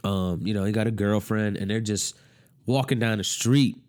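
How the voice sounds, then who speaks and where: Low-voiced young man recapping a show. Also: normal speed. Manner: animated storytelling, profane slang.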